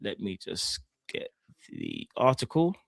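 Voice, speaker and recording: A man's voice: fairly low pitch, huge pitch swings, slow, gravelly, no room sound. A man hosting a live football stream, reading an article aloud in a casual, stumbling way and apologizing for slips. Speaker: podcast host.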